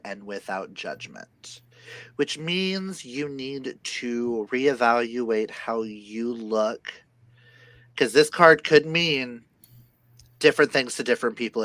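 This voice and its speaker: A man's voice: mid-range voice, fairly bright tone, no echo, rough recording. Man giving playful oracle card readings. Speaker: co-host reading oracle cards. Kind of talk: casual live-stream chat.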